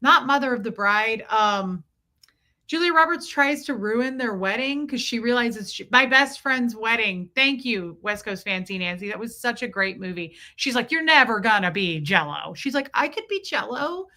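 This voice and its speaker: A woman's voice: a little high, normal speed, bright, forceful tone. A woman in her forties hosting a casual livestream, rambling and thanking viewers by name as she talks. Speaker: livestream host.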